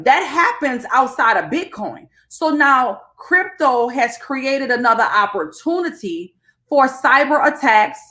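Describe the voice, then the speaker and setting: A woman holds forth on a casual livestream. Her voice sits a touch high, and she talks in an animated way, checking in with her viewers as she goes. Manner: animated, chatty, addresses viewers directly, calls them baby and y'all. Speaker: livestream host and crypto educator. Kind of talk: casual live-stream talk to viewers.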